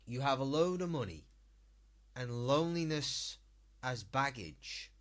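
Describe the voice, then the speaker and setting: A man's voice: mid-range voice, lively intonation, unhurried, a bit bright. A British man streaming live, ranting and swearing as he reacts to a video.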